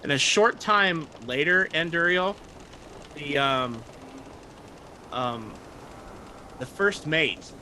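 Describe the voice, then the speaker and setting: A man's voice: a little high, animated, slow, long pauses, pushed and bright, a little hiss or hum. A man narrating as game master in a tabletop game, casual and easygoing, with frequent fillers. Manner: casual, laughing, hesitant with fillers.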